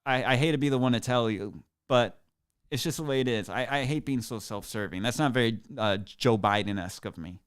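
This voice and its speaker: A man's voice: medium pitch, brisk, smooth. Sarcastic, boastful man hosting a podcast. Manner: self-aggrandizing, sarcastic, rambling. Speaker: podcast host. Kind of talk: mock-grandiose comedic podcast monologue.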